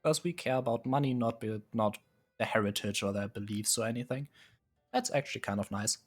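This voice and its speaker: A man's voice: mid-range voice, brisk, faint music behind. A man streaming live, casually musing and hesitating as he sets up a strategy game, chuckling often. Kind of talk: casual live gameplay commentary.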